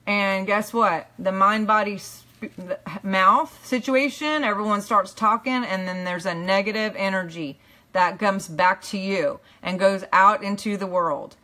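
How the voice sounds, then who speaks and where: Unhurried and earnest, a woman who teaches and ministers leads a live online class of motivational teaching. She emphasizes her points, often asks her listeners "okay?", and lets each phrase trail off low and soft.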